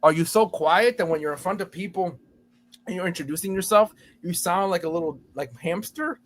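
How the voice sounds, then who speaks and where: A man talking as a podcast guest about teaching kids to speak, lively and acting out voices of students and teachers. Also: high-pitched, a little fast, a little hiss or hum. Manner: animated, acts out students and teachers in exaggerated voices. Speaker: podcast guest, school storytelling educator. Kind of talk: casual podcast conversation.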